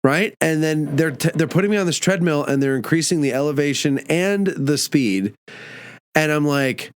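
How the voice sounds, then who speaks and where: A man on a podcast tells a story with real animation, acting out the other people's lines as he goes. His voice is fairly high. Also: moderate pace, smooth. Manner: animated, acts out dialogue in his own stories. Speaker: podcast co-host. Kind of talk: casual storytelling chat.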